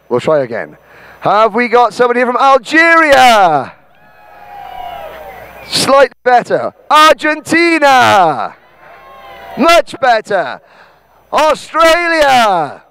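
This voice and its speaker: High-voiced Welsh man directing a crowd. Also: huge pitch swings, takes it slowly, long pauses, slight background noise. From Wales. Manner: bossy, joking, shouts out names. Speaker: event host. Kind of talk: directing a crowd and calling a roll.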